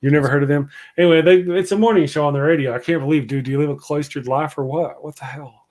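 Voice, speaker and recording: A man's voice: a little high, fairly even intonation, quick pace, darkish tone. A man who hosts a morning show, chatting casually as a guest, rambling and often restarting his sentences. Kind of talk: casual chat.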